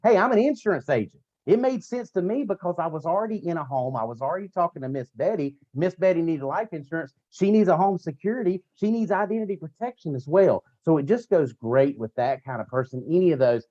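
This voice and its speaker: Energetic man coaching a sales team. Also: on the high side, brisk, few pauses, highs cut off. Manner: energetic and coaching, with repeated pep slogans. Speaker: network marketing team trainer. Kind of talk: motivational training talk.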